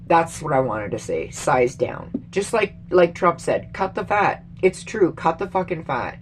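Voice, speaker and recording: A middle-aged Canadian woman in a heated, swearing vlog rant, emphatic and exasperated, rambling with sudden jumps in pitch. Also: sing-song, measured pace, a little hiss or hum. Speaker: vlogger. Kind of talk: casual angry political rant.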